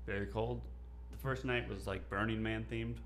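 A man in his thirties co-hosting a podcast, telling stories in a casual, profane, animated way. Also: on the low side, moderate pace, slight background noise. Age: 30s. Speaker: podcast co-host. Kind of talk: casual chat.

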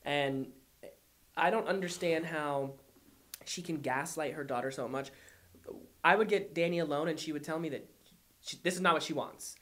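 A man's voice: a little high, moderate pace, long pauses. A man telling an emotional story and acting out the people in it with heat. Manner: animated, heated retelling with voiced quotes.

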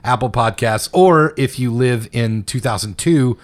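A young man co-hosts a casual podcast, joking and rambling as he talks. He laughs often, and his voice sits in a middle pitch. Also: unhurried. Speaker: podcast co-host. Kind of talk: casual chat.

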